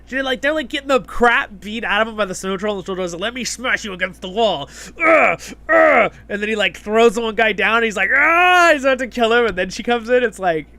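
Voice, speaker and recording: Chatty bright-voiced male streamer. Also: high voice, quick pace, few pauses, clean tone. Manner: chatty, reads viewer comments aloud; rambling with many fillers and restarts. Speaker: livestream host. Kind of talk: casual live-stream chat.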